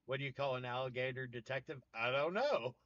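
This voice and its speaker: Greeting viewers by name between jokes and puns, a man from the American South runs a casual livestream. He talks briskly at medium pitch, and his tone is fairly bright. The recording is dry, coming through a slightly muffled mic.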